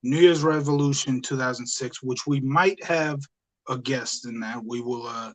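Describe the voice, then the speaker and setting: A man's voice: medium pitch, normal speed, a bit bright, rough recording. A man co-hosting a casual podcast, enthusiastic and rambling, with frequent hesitations. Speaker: podcast co-host.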